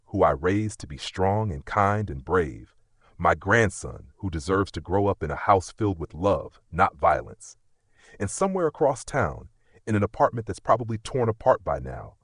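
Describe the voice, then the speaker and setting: Deep, husky male storyteller. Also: dry recording, studio quality. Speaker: story narrator. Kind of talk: first-person dramatic story narration.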